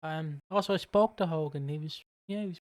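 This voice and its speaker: A man with a slightly high voice talks briskly while co-hosting a casual podcast. In this casual chat he rambles and jokes, using lots of fillers and swearing.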